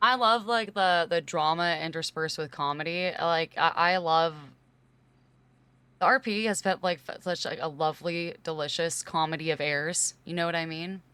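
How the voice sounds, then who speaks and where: Young woman streamer, from California, casual rambling chat, bright forceful tone, dry close sound. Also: lowish voice, normal speed, smooth, no room sound. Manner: rambling, heavy use of "like", emphatic when arguing.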